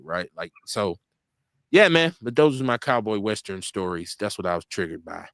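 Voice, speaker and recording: Animated man telling stories, dry mic. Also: mid-range voice, fast talker, no room sound. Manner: animated storyteller acting out quotes, swearing freely. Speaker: radio show host. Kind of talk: casual storytelling on an internet radio show.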